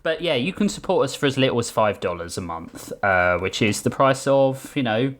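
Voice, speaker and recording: A male podcast host in loose, casual chat. His pitch moves freely up and down as he talks. He laughs often and pokes fun at himself while reading out plugs. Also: animated, normal speed. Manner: laid-back, laughs often, self-mocking. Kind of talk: casual banter and sponsor plugs.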